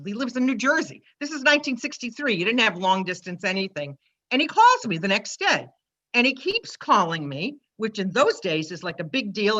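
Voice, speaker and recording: A woman in her seventies with a Boston accent, telling a personal story in a lively, chatty way. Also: medium pitch, muffled recording. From Massachusetts. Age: 70s. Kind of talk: personal story told to an online audience.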